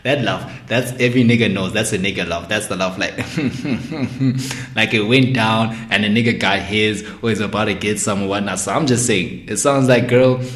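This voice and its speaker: A man's voice: on the low side, normal speed, fairly bright tone. Laid-back slangy man in echoey room. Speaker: podcast host. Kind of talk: casual podcast chat.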